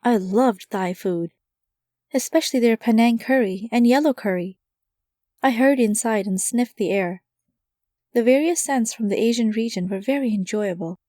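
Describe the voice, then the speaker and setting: A woman's voice: a little high, moderate pace, warm tone, no echo, clean studio sound. Woman narrating a cozy mystery audiobook. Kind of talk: first-person audiobook narration.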